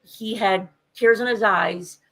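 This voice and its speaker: A woman's voice: medium pitch, takes it slowly, fairly bright tone, rough recording. A woman on a podcast telling a candid family story in a casual, conversational way, with frequent fillers. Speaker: podcast co-host.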